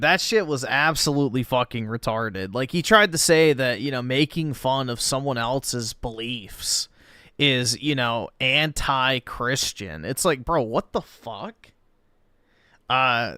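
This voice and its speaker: A man's voice: a little high, pushed and bright, clean tone, no room sound, studio quality. A man hosting a livestream, chatting loosely and offhand with lots of profanity. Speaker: livestream host. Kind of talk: casual stream commentary.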